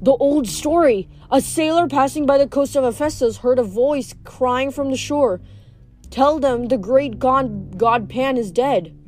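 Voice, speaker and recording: A woman's voice: sits high, a little slow, darkish tone, faint music behind, voice pushed up. Woman reading as an eager teenage girl. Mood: excited.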